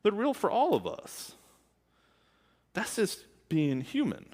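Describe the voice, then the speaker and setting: A man's voice: sits high, huge pitch swings, slow, darkish tone. A man preaching a sermon as a minister, speaking candidly and conversationally with asides. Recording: long hall reverb.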